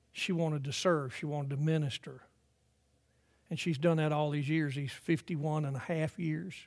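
An older male pastor with a high, creaky voice preaches a sermon in a church sanctuary. He swells emphatically to loud peaks, then drops to quiet, drawn-out phrases.

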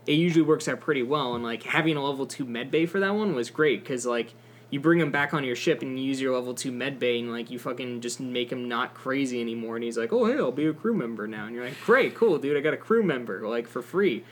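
A man's voice: medium pitch, fast talker. A young man co-hosting a podcast, rambling casually about a video game with lots of fillers and swearing. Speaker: podcast co-host. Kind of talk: casual gaming chat.

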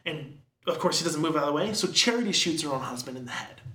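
A man with a slightly high voice chats through a film's story in a loose, rambling way, full of fillers and quick quoted bits. The sound is roomy and echoey. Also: lively intonation, a bit bright. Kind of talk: casual chat recapping a film. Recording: echoey room.

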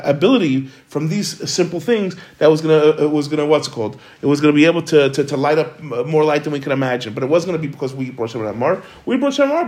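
A man giving an informal Torah class, talking quickly with many restarts and Hebrew and Yiddish terms mixed into his English. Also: fairly high pitch. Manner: rapid, repeats and restarts words, sprinkles Hebrew and Yiddish terms. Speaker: Torah teacher.

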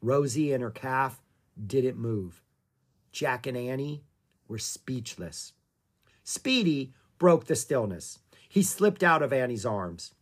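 An audiobook narrator reading a children's story aloud in a calm, expressive way. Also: mid-range voice, slow pace.

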